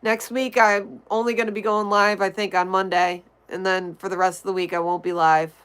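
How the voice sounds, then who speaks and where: A woman's voice: mid-range voice, level tone, moderate pace, a bit bright, clean tone, poor audio. A young woman from Connecticut hosting a casual livestream, chatting and greeting viewers by name as she reads the chat. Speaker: livestream host.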